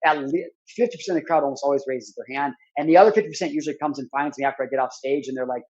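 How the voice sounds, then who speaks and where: Guy in his 30s telling his story real quick, lots of "like", kinda muffled lo-fi audio. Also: mid-range voice, darkish tone, husky. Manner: earnest, rambling, many "like" fillers and restarts. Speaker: podcast guest speaker. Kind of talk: personal storytelling.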